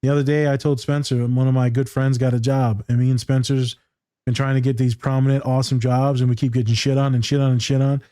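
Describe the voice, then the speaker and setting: A man's voice: mid-range voice, level tone, fast talker, mellow, clean tone, no echo, studio quality. A man hosting a podcast, talking candidly and casually with a lot of swearing. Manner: candid and heavy on profanity. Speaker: podcast host.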